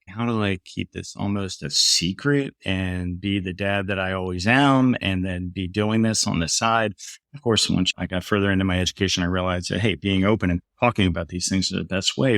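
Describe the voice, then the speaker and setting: A man's voice: deep voice, a bit bright, no room sound, studio quality. A middle-aged man, a podcast guest, earnestly telling a personal story and lifting his voice when quoting others.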